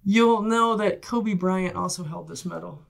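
A woman guest in a podcast interview, telling a story in a casual, animated way, acting out quoted voices and laughing often. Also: lowish voice, measured pace, gravelly. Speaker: guest, Olympic rower.

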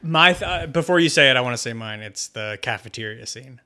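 A man with a bright, forceful voice co-hosts a casual podcast. He teases bluntly and swears. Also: medium pitch, animated, brisk. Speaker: podcast co-host.

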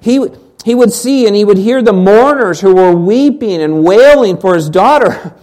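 A preacher delivers a sermon in a mid-range voice, posing question after question to the congregation. Words get doubled as they restart a thought, and the voice often sinks to a hushed, near-whisper to drive a point home. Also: mid-range voice, expressive, normal speed. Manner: rhetorical questions, repeats words when restarting. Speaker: pastor.

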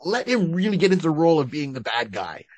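Quick and very animated, his voice sits a little high, with no echo. He's co-hosting a podcast, chatting casually and at length about fan-casting and often restarting sentences.

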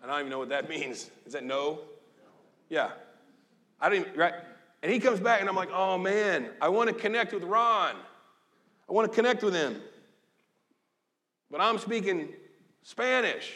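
A man in his fifties, a pastor giving a lively, joking, conversational sermon in a church. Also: a little high, normal speed, long pauses. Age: 50s. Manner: animated, joking, conversational preaching. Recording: long echo of a large hall.

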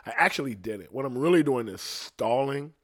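A young man, a singer, in a rambling casual monologue, swearing freely and jumping between excitement and low asides. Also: a little fast. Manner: profane, excitable, rambling with restarts. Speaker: singer ranting to camera.

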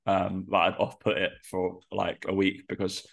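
Nasal, gravelly-voiced man. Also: low voice, monotone, moderate pace, fairly bright tone. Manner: rambling, full of fillers, laughs often. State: congested, nasal from a cold. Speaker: personal trainer and podcast host. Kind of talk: casual podcast chat.

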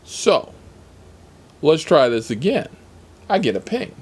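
A man telling rideshare driving stories in a sassy, profane, emphatic voice. His pitch swings widely while his pace stays slow and deliberate. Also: very animated, a little mellow, slightly rough. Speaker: rideshare driver. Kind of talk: casual storytelling vlog.

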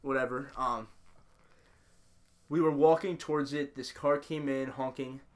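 Man, podcast co-host, wry storyteller, mid-range voice. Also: medium pitch. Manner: wry, deadpan asides, halting restarts. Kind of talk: casual chat. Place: his own house.

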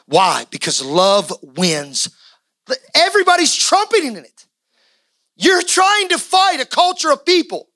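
A male pastor delivering an impassioned sermon, swinging from quiet talk to shouting. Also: very high-pitched, sing-song, unhurried, no echo, rough recording.

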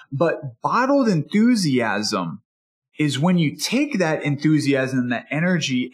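An energetic, enthusiastic man teaching as a speaking coach in a motivational podcast talk, sometimes acting out a customer and a salesperson. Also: fairly high pitch. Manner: energetic and enthusiastic, animated delivery; acts out customer and salesperson dialogue.

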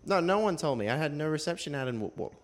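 A man's voice: on the high side, sing-song, fast talker. A man with an Australian accent, co-hosting a podcast, bantering in casual chat and making crude jokes. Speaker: podcast co-host.

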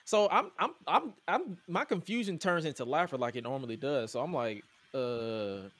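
Animated man recapping wrestling. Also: fairly high pitch, a little fast, slightly rough. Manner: animated, incredulous, quotes promos aloud. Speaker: podcast host. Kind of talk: casual wrestling recap chat.

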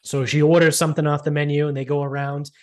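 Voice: mid-range voice, level tone, fast talker, darkish tone. Brief: exasperated podcast host ranting a story, swearing freely, mocking tone. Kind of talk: casual storytelling rant.

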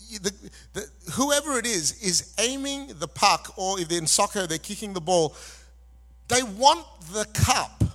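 High-voiced male preacher in a reverberant hall. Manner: animated, calls on the congregation to answer back; conversational asides between scripture readings. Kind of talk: sermon. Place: large church hall before a congregation. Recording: long reverb in a large hall.

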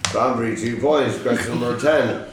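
A man's voice: medium pitch, moderate pace, a loud crowd. A man hosting a podcast quiz, joking with the players and swearing casually. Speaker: podcast host, quizmaster. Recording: echoey room, mic at a distance, noisy.

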